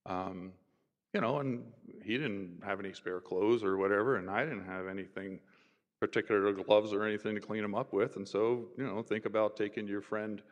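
A man, a university professor, telling stories in an animated conversational way and voicing the people in them. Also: fairly low pitch, moderate pace, lo-fi sound. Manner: animated, voices others in his stories. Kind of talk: conversational storytelling. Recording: roomy with long reverb.

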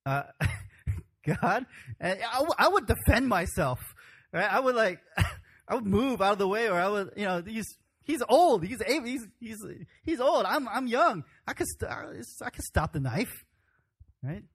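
A man's voice: high voice, sing-song, unhurried, a bit bright, husky. A man preaching a sermon in an informal, conversational way with frequent restarts. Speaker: pastor.

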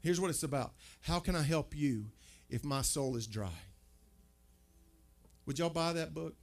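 A man's voice: a little high, measured pace, darkish tone. A male pastor preaching a sermon in a conversational way, asking the listeners questions and often stumbling over and repeating his words.

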